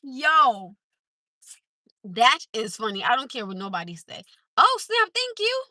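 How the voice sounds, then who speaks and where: A woman livestreams from her car in a casual chat, telling animated stories and laughing often. Her voice is high and very bright, and it swings widely in pitch. The sound is dry and close, as if picked up by a phone. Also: measured pace, no room sound. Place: in a car at a drive-through.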